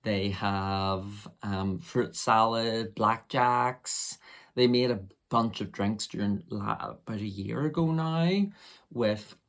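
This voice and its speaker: A young man chatting to camera while reviewing a drink, rambling with lots of fillers, his voice husky from a summer cold. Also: lowish voice, slow pace, fairly bright tone.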